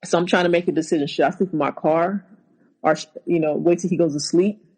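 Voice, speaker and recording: A woman's voice: fairly low pitch, steady tone, darkish tone, husky, rough recording. Woman recounting a painful relationship. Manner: halting, repeats words, acts out quotes. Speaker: guest. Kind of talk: personal account in a podcast interview.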